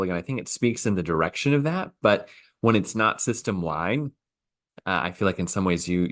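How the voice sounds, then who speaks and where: A man's voice: low-pitched, fairly bright tone. A man co-hosting a workplace podcast, thinking aloud in a thoughtful, slightly hesitant way. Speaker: podcast co-host. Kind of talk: casual podcast discussion.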